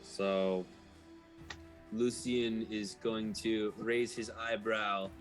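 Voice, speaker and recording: A man's voice: on the low side, little pitch movement, drawn-out words, faint music behind. A man playing a tabletop game, talking through rules in a matter-of-fact way. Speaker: player. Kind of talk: casual tabletop game play.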